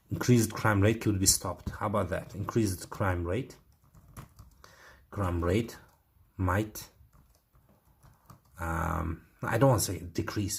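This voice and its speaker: A man's voice: deep voice, creaky, slightly rough. A man with an Uzbek accent, teaching IELTS writing and thinking aloud with many fillers as he corrects an essay.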